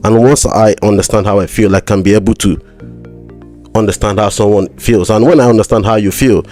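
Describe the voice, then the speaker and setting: Halting man with a slight stammer. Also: on the low side, fairly even intonation, mellow, soft background music. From Nigeria. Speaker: podcast guest, mental health practitioner. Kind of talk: casual conversation.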